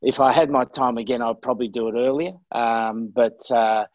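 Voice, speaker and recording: An older Australian man hosting a podcast, speaking thoughtfully with many pauses and fillers. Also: mid-range voice, fairly even intonation, dry recording, highs cut off. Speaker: podcast host, coach. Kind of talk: reflective conversation. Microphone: remote call.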